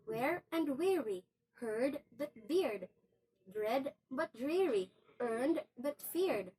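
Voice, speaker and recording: A woman reciting a poem slowly, enunciating each word with deliberate care. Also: on the high side, darkish tone, rough recording. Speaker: poetry reciter. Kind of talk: slow recitation of a spelling poem.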